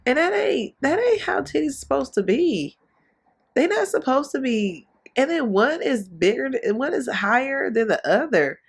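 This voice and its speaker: A woman giving blunt, gossipy commentary on a reality TV episode in a casual, animated way. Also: medium pitch. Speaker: reaction commentator.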